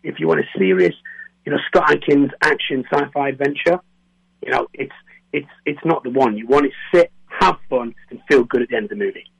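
A man from near Newcastle with a softened northern English accent, a film director answering interview questions in a hesitant way, repeating words and laughing often. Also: on the high side, brisk, creaky, slightly rough, dry recording, low-quality recording. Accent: northern English, softened toward standard. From northern England, near Newcastle. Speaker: film director and co-writer, guest.

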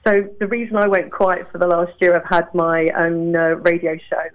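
A woman's voice: lowish voice, level tone, moderate pace, muffled recording. A woman with a borderline Cockney London accent, a singer-songwriter chatting enthusiastically as an interview guest. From southeast London, England. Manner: enthusiastic, chatty, many fillers. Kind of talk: interview conversation.

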